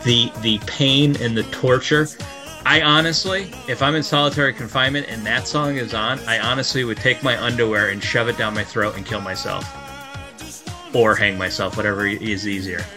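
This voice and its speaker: A man's voice: mid-range voice, fairly even intonation, moderate pace, over music. A man giving a blunt, emphatic interview answer. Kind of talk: casual street interview answer.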